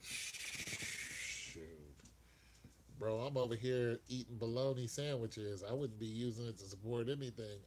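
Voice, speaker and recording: A man's voice: mid-range voice, fairly even intonation, unhurried, pauses often, a little hiss or hum. A man hosting a casual live-stream chat, telling rambling stories and laughing often.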